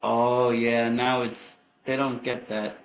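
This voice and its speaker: A man's voice: medium pitch, little pitch movement, slow, lo-fi sound. A man from Massachusetts with a Boston accent, co-hosting a casual late-night chat with joking, profane banter. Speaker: co-host.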